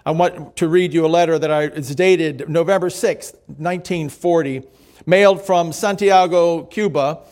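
A man preaching a sermon, telling stories and reading quotes aloud, slowing down for emphasis. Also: a little high, darkish tone. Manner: measured storytelling, reads quotes aloud, slows for emphasis. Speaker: pastor.

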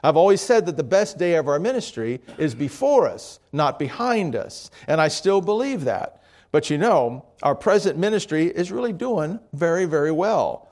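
Middle-aged pastor preaching a sermon, slightly high. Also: male voice, sing-song, moderate pace, darkish tone.

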